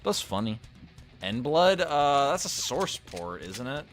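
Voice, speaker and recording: A man's voice: medium pitch, big pitch swings, takes it slowly, faint music behind. A man streaming a retro shooter, chatting casually with viewers and cursing freely as he plays. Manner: swears freely, talks to chat between kills. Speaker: gaming streamer. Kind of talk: casual gameplay commentary.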